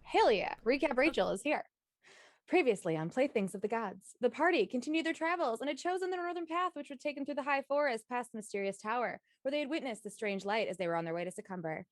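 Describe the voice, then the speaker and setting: A woman with a fairly high, expressive voice reads an upbeat recap of the last session on a tabletop game stream, speaking quickly and sometimes stumbling and correcting herself. The studio-quality recording has no room sound.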